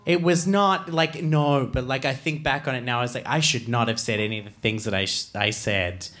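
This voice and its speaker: A man's voice: medium pitch, a little fast, fairly bright tone. Australian guy, casual co-host, rambling self-deprecating anecdotes. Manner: rambling, self-deprecating storytelling with many restarts. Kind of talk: casual chat.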